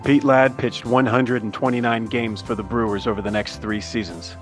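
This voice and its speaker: A man narrating a scripted tribute in a measured, respectful way. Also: medium pitch, fairly even intonation, soft background music.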